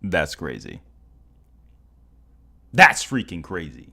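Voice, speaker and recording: Excitable young man streaming, lively pitch. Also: slow pace. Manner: excitable, stammering, exclamatory. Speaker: livestreamer. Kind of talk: live stream reaction chat.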